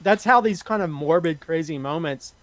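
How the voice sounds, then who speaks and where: A man casually reviewing a horror film on a podcast panel, speaking haltingly with many restarts and often laughing. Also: on the high side, a bit bright, dry recording.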